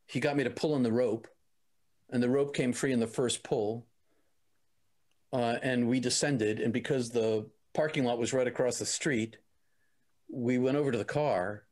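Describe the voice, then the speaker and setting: A middle-aged man speaks as an interview guest, recounting a personal experience. His voice sits at an ordinary male pitch, and he talks in an earnest, halting way, often restarting and repeating words as he searches for them.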